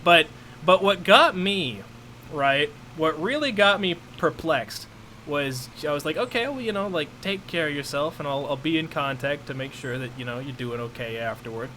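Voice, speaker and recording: Young male streamer, bright forceful voice, rambling anecdotes, faint background noise. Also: fairly high pitch, normal speed. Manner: rambling, animated storytelling with many fillers and restarts. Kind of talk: casual chat, storytelling.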